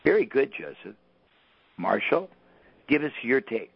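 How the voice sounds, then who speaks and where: A man's voice: medium pitch, big pitch swings, measured pace, gravelly, slightly rough. A male podcast host asking upbeat questions over dull, lo-fi audio. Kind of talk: interview hosting.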